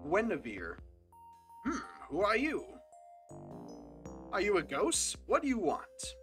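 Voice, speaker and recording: A game streamer giving casual live commentary, excitable and swearing freely, swinging between loud outbursts and hushed asides. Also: medium pitch, slow, pauses often, faint music behind.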